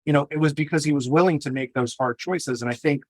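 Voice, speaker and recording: Reflective podcast host, dry close sound. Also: male voice, on the high side, fast talker, dry recording. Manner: reflective, shares lessons from past guests. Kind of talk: conversational interview talk.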